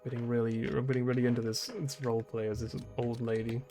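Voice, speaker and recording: Young guy streaming a game, rambly, swears a lot, medium pitch, faint music behind. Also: level tone, fast, dark tone. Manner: rambling, swearing, laughing, self-mocking. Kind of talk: casual gameplay commentary.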